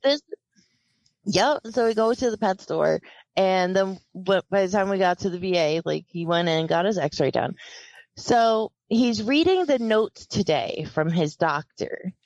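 A woman's voice: medium pitch, unhurried, no room sound, low-quality recording. A woman casually telling a story on a podcast, quoting people and laughing often. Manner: animated, quotes people in lively voices, laughs often.

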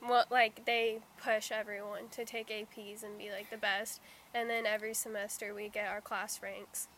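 A teenage high school girl, a guest on a casual podcast, speaking hesitantly with many fillers. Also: flat delivery, moderate pace, a bit bright, a little hiss or hum. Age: teens.

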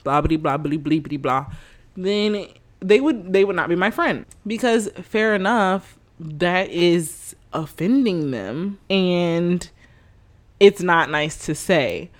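A young woman hosting her own podcast, telling a story in a casual, animated, exasperated way with plenty of swearing. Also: lowish voice, takes it slowly. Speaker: podcast host.

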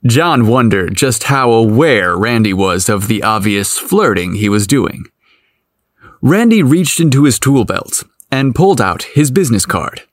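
A man narrating a story aloud in a playful, expressive manner. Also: medium pitch, a little slow, no echo, studio quality. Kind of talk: audiobook narration.

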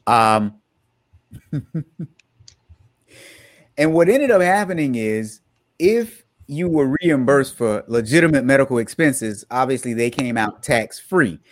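A man's voice: mid-range voice, animated, slow, long pauses, dry recording, low-quality recording. A man co-hosting a podcast, casually walking listeners through a news story and laughing now and then. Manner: explanatory, breaks into laughter. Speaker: podcast co-host.

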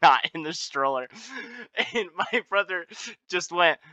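A man's voice: sits high, expressive, slow pace, bright, forceful tone, dry recording, dull audio. A man in his late teens casually telling a story as a podcast co-host, often laughing as he goes.

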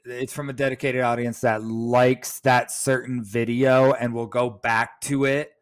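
A man's voice: medium pitch, flat delivery, measured pace. A man co-hosting a casual chat show, joking and teasing as he keeps pressing his point. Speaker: podcast co-host.

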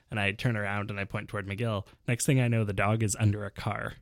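A man, co-hosting a podcast and telling a story in casual, animated chat. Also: lowish voice, quick pace, few pauses, no echo, studio quality. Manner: storytelling, animated when quoting. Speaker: podcast co-host.

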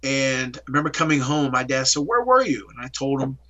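Middle-aged guy from pittsburgh telling a story, bright voice, acts out every line. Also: mid-range voice, fairly quick, dull audio. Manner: animated, acts out dialogue in storytelling. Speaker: interview guest. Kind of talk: storytelling in an interview.

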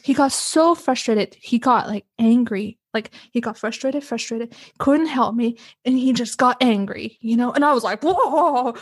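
A fairly high-voiced woman tells a personal story in relaxed conversation, stumbling and repeating words as she goes. Her voice sits close and dry, with no room around it. She keeps the talk animated and chatty throughout. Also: moderate pace, hardly any pauses, breathy edge, no echo. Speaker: podcast guest. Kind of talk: casual chat.

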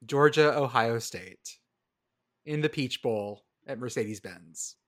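A man hosting a casual podcast chat, playful and deadpan. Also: mid-range voice, takes it slowly. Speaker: podcast host.

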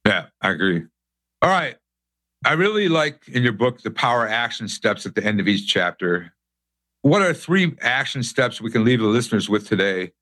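A man's voice: medium pitch, big pitch swings, moderate pace, fairly bright tone. A man hosting a podcast, asking questions and giving short friendly reactions. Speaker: podcast host. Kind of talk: casual podcast interview.

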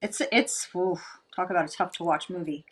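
A woman's voice: on the low side, normal speed. A woman co-hosting a casual film review chat, reacting in a chatty, exclamatory way. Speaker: co-host.

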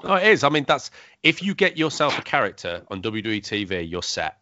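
Bright-voiced man hosting a podcast. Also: medium pitch, very animated. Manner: chatty, quick, full of fillers and restarts. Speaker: podcast host. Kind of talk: casual podcast chat. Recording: dull lo-fi sound, dry.

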